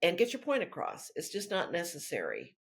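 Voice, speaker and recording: A woman with a husky, breathy voice that swoops around a lot as she talks. She is an author in a relaxed interview, and she wanders on and back in a chatty, rambling way. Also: lowish voice, brisk. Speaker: author guest. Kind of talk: casual interview chat.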